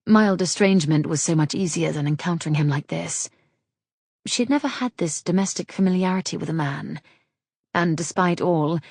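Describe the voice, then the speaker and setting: A woman narrating a romance novel for an audiobook in a measured, even storytelling manner. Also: fairly low pitch, vocal fry, breathy edge, dry recording, clean studio sound.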